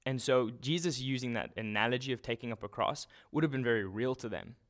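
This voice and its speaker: A man preaching a sermon in a relaxed, conversational way, often restarting and using fillers. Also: medium pitch, fast talker.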